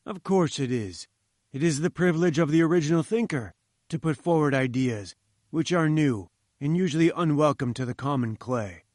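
Man playing a haughty old professor, lectures down to people, fairly high voice, dry close sound. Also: moderate pace, darkish tone, no room sound, close to an everyday voice. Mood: lecturing. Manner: condescending, lecturing. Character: pompous, patronizing older male professor. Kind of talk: audiobook reading.

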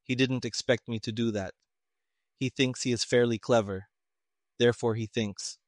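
A man doing a cool, clever investigator who talks in a flat toneless voice, unhurried and even, never rising. it's an audiobook in a dry, close room with no echo. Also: medium pitch, natural voice. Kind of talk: audiobook character reading.

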